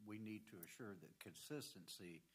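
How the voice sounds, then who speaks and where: A man's voice: fairly low pitch, expressive, moderate pace, husky. A man on a school board, speaking in a conversational way during a meeting discussion. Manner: conversational, stresses consistency. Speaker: board member.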